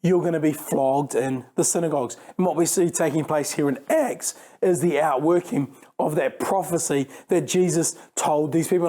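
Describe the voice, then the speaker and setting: A man preaches in a relaxed, conversational way, restarting phrases as he thinks aloud. His voice sits a bit high for a man, yet it sounds warm and mellow. He often acts out the lines of imagined speakers. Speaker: youth pastor. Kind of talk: sermon.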